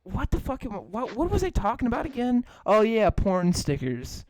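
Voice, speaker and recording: A man's voice: high-pitched, wildly swooping pitch, normal speed, darkish tone. A man hosting a casual podcast, ranting in exasperation and swearing a lot as he talks. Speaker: podcast host. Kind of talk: casual profane podcast chat.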